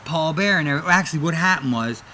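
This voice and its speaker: A man's voice: fast, slight background noise. A man casually telling stories from his wrestling career in an interview, animatedly acting out the people he quotes. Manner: animated, acts out quoted voices with big pitch jumps.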